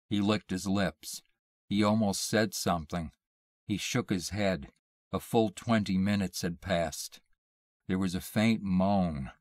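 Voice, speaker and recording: A man slowly reading a horror short story aloud in a measured, hushed way. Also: deep voice, no room sound. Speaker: narrator. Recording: dry close mic, audio only.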